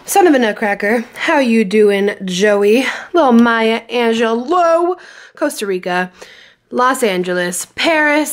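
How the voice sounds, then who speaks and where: A young woman, vlogging in a bubbly, gushing casual chat with quick exclamations. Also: fairly high pitch, dry recording. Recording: noisy home vlog audio.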